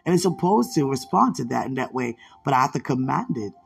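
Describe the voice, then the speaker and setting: Gravelly man in an emotional monologue. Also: mid-range voice, animated, brisk, soft background music. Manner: emotional, laughing, drifting into hushed murmurs. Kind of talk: emotional spoken monologue to a loved one.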